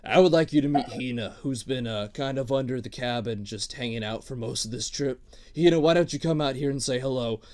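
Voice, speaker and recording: A man voicing an old male orc boat captain who bids a fatherly, halting farewell. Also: mid-range voice, darkish tone, close to an everyday voice. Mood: fond farewell.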